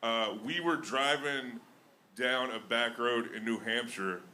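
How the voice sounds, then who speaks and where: A young man from Alabama doing stand-up in his own Alabama accent, talking into a handheld mic on a club stage. He chats and mocks himself, his voice bright and mid-pitched. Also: takes it slowly, a little hiss or hum. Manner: self-mocking, chatty with laughs in the flow. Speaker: stand-up comedian. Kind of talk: stand-up comedy set.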